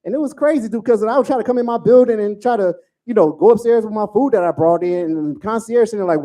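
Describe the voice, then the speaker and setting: Male stand-up comic, forties, high and mellow, loose profane storyteller. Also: fast talker, hardly any pauses. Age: 40s. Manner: profane, storytelling, animated asides. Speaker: stand-up comedian. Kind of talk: stand-up comedy set.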